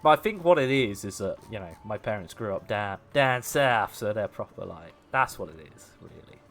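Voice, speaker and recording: Animated man chatting on stream. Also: lowish voice, normal speed. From English Midlands. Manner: chatty, laughs often, reads and answers chat aloud. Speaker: livestream host. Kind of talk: casual gaming livestream chat.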